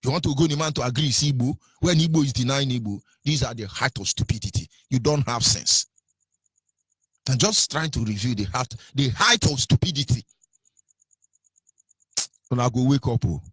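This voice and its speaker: A man's voice: mid-range voice, normal speed, pauses often, fairly bright tone, husky, no room sound. A man with a Nigerian accent giving impassioned radio commentary, scolding his listeners with repeated rhetorical questions and stumbling over fillers.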